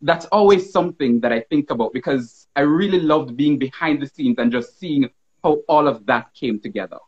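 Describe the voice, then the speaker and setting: Jamaican male reporter, husky, measured delivery, dull lo-fi stream sound. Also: a little high. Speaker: TV news reporter. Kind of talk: casual panel chat.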